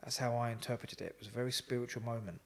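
A man, a psychotherapist guest telling a lively story in a casual interview. He swears and laughs as he talks. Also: medium pitch, very fast, creaky.

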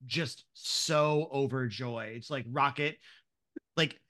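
A man's voice: mid-range voice, slow pace, sharp tone. A man hosting and narrating a tabletop game, rambling with many restarts. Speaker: game master and host.

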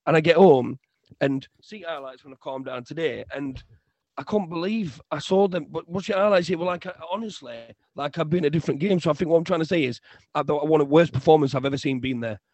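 A young man co-hosting a casual football podcast, ranting in an animated way and often repeating himself. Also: fairly high pitch, quick pace, no room sound. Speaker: podcast co-host.

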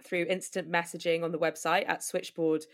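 A woman, a podcast guest, giving details in a steady, plain manner. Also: lowish voice, moderate pace. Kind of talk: casual interview answer.

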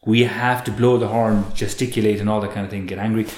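Low-voiced man explaining earnestly. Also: fast talker. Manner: earnest, animated, repeats words as he restarts. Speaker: guest expert. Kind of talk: conversational explaining. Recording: roomy echo.

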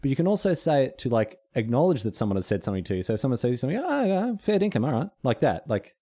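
Lively mellow-voiced Australian man. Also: medium pitch, racing. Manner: explains carefully, playful, breaks into laughter. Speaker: podcast co-host. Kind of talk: casual chat.

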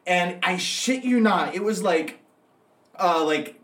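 This young man talks high and bright, his pitch leaping all over as he acts out every person in his stories. He chats in a loose, casual way, like a podcast co-host spinning a tale for a friend. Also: lively intonation, slow pace. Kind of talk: casual storytelling chat.

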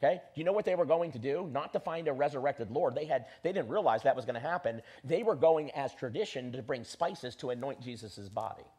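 A pastor preaching an animated sermon and leading his congregation in call-and-response. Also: medium pitch, fairly quick, few pauses, slightly rough.

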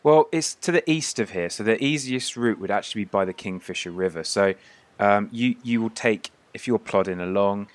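A man's voice: lowish voice, moderate pace, no echo. A man hosting and narrating a tabletop game as game master, describing scenes at length with many fillers.

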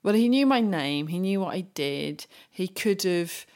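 A woman's voice: fairly low pitch, lively intonation, a little mellow. Chatty woman agreeing along on a podcast. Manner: chatty, quick to agree with "yeah, yeah". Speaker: podcast co-host. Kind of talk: casual chat.

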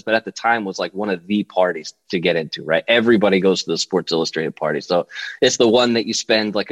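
Animated storytelling man, dry sound. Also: no echo. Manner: animated storyteller, acts out quotes in high voices. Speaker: podcast guest. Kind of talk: casual storytelling chat.

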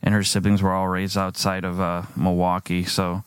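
A man's voice: low-pitched, monotone, normal speed, smooth, no echo. A man hosting a podcast, chatting casually and rambling with fillers and quoted asides. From United States. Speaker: podcast host. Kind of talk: casual interview chat.

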